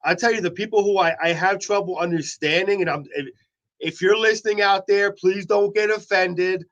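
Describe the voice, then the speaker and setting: High-voiced rambling man host, dull audio. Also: normal speed, fairly bright tone. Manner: rambling storyteller, many restarts. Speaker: radio morning host. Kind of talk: casual chat.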